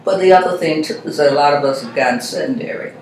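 A man, a reverend, talking through faith and health in a measured, reflective way. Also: on the high side. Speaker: reverend, guest. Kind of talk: conversational discussion. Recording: very echoey room, faint noise.

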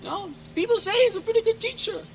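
A man voicing a male leper who gossips around a campfire in a lively, chatty, conspiratorial way. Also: extremely high pitch, quick pace, gravelly, far from the mic, slight background noise, pitched above the performer's own voice. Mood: gossiping.

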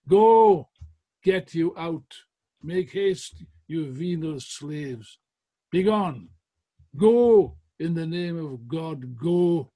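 A man acting out a furious puritan general, denouncing an assembly in slow, booming, scornful declarations. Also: slightly rough, full character voice.

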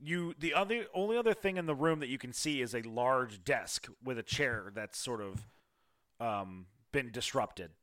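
A man runs a tabletop game as its game master. His voice sits at a middle pitch. He narrates loosely and casually, often stopping on fillers. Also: expressive, moderate pace, fairly bright tone. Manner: casual, hesitant, with many fillers.

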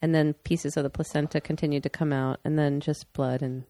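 A woman's voice: low-pitched, level tone, a little fast, warm tone, dry recording. A young woman talking casually and candidly with her partner, rambling a bit and laughing often. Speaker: partner sharing a personal story. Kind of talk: casual conversation.

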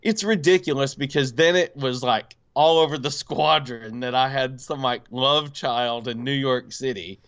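A man casually telling a personal story on a podcast, animated, with many fillers and acted-out quotes. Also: medium pitch, normal speed, hardly any pauses, smooth, dull audio. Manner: animated, acts out quoted voices, frequent fillers.

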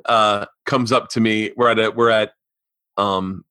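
A man telling wild stories as a comedian guest in a casual remote chat, animated and swearing freely. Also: lowish voice, a little slow, clean tone, no room sound. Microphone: remote call recording.

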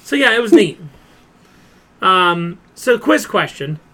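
A man's voice: sits high, sing-song, takes it slowly, crowd noise. A man on a casual podcast who retells a comic-book plot with lots of "like" and brief quoted voices. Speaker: podcast co-host. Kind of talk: casual chat.

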